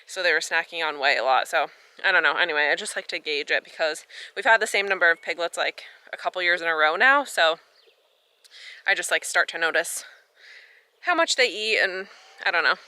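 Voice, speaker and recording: A young American woman vlogging casually on her farm, chatty and excitable, a little out of breath. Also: on the low side, fairly quick, clean tone, dry recording. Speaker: farmer vlogger. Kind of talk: casual vlog narration. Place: outdoors on a farm.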